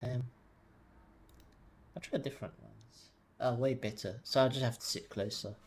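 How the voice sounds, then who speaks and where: Male streamer, quiet and mumbly, hesitant, thinks aloud, sits back from the desk mic. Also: medium pitch, fairly even intonation, moderate pace, creaky. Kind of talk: casual live-stream commentary while working. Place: home desk. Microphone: desk mic, sometimes leaning back from it.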